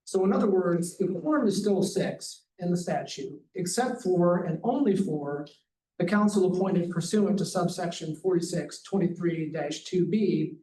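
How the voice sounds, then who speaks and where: A man delivers formal public comment to a council, his voice slightly high and his wording careful and precise. The recording picks him up from a distance in a roomy, echoing hall, with a faint hiss underneath. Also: mellow. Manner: measured, precise, reads statute text aloud. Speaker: advocacy director giving public comment. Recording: echoey, distant hall audio with faint noise.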